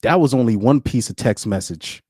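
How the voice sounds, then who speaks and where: A man's voice: medium pitch, expressive, moderate pace, warm tone, husky, no echo. Rambling male streamer, dry close sound. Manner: rambling, repeats words, laughs often. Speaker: commentary streamer. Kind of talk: casual live-stream commentary.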